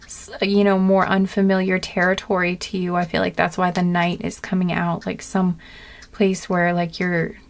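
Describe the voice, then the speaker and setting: A woman giving a casual spoken tarot reading to her viewers, gentle and earnest, rambling with many fillers and restarts. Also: fairly low pitch, completely flat delivery, normal speed, vocal fry. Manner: earnest and emotional. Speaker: tarot reader.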